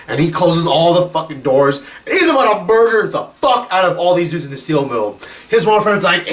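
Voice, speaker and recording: A man's voice: sits high, sing-song, brisk. A young man giving a casual, profane film review, rambling with lots of fillers, a little distant from the mic. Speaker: movie reviewer.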